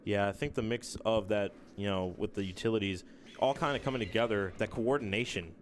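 A young man casting a college esports match, excitable and animated, often laughing. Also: lowish voice, a little fast, noisy background. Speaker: esports caster. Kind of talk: play-by-play esports commentary.

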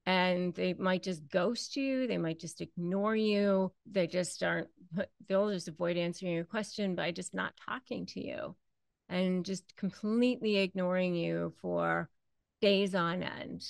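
A woman with a gravelly, fry-touched voice talks slowly and conversationally, as if to a camera. She repeats herself and slips into the voices of the people she quotes. The sound is dry and close, with no room around it. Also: fairly low pitch, dry recording. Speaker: host. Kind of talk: direct-to-camera advice talk.

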